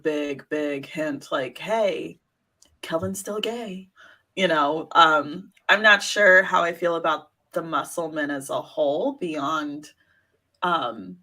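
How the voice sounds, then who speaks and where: A woman on a podcast panel, chatting in a relaxed, hesitant way. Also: low voice. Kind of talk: casual chat.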